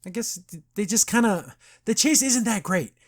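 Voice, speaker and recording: A man hosting a podcast, casually recapping an animated episode and acting out the characters' lines in quick asides. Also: sits high. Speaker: podcast host.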